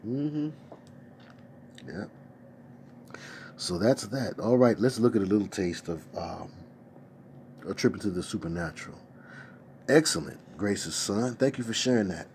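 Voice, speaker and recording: A man hosts a casual livestream from his desk at home, reading viewer comments aloud with exclamations and chatty asides. His voice is fairly low, expressive and darkish, a little slow with long pauses, over a slight hiss or hum.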